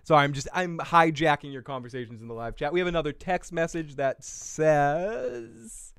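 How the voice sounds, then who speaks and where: A man's voice: on the high side, moderate pace, vocal fry, fairly bright tone, smooth, dry recording, studio quality. A man hosting a live recap podcast, casual and jokey, swearing, laughing often and reading the chat aloud. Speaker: podcast host.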